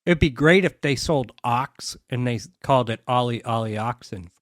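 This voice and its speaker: A man's voice: mid-range voice, animated, moderate pace, a bit bright, no room sound, clean studio sound. A man co-hosting a podcast, chatting casually about a sitcom with jokey asides. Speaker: podcast co-host. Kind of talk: casual chat recapping a sitcom.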